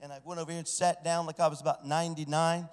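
A man preaching a sermon, swinging from hushed storytelling to loud, shouted exclamations. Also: on the high side, level tone, fast talker. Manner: preaching with sudden swells into shouting. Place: church. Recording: church sanctuary with long reverb.

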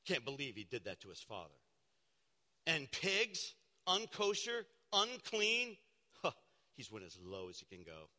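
A man, a pastor, preaching a sermon with dramatic storytelling that swings from loud to hushed. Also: medium pitch, wildly swooping pitch, a little slow. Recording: long hall reverb.

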